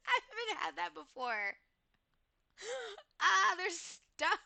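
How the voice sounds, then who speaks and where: A gushing, giggly woman streams herself gaming and chats casually with her viewers. Her high, bright voice unhurriedly exclaims thanks, and it is recorded dry and close. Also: animated, slow, vocal fry, no echo. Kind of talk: casual live-stream chat while gaming.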